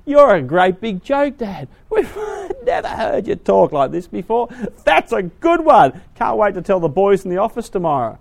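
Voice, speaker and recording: A man's voice: high voice, huge pitch swings, moderate pace, gravelly, few pauses, voice pushed up, heavily acted. A man preaching, voicing young men who scoff and laugh at an old man. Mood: mocking. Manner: scoffing, jeering. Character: mocking young men laughing at their father-in-law.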